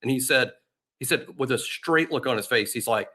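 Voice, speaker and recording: A man's voice: medium pitch, normal speed, bright, forceful tone. A man co-hosting a sports podcast, telling anecdotes in a chatty, casual way.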